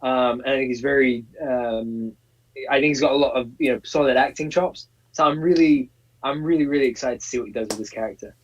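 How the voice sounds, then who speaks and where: A man co-hosting a casual live-stream chat, gushing and excitable, tripping over and repeating his words. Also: medium pitch, brisk. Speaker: co-host. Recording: distant, muffled call audio.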